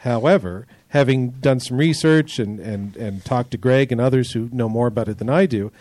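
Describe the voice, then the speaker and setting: A man's voice: mid-range voice, moderate pace, a little mellow, no echo. Thoughtful man on a dry mic. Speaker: podcast co-host. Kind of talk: casual panel discussion.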